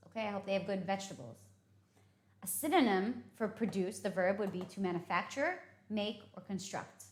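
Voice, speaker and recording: A woman's voice: medium pitch, normal speed. Woman teaching vocabulary, echoey room. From United States. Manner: clear, patient explaining with frequent "okay?" checks. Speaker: English teacher. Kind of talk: vocabulary lesson.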